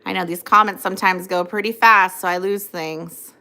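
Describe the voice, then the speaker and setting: A woman's voice: lowish voice, fairly even intonation, normal speed, bright, forceful tone. A young adult woman hosting a casual phone livestream, rambling, reading out viewer comments and cooing at her dog. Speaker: livestream host.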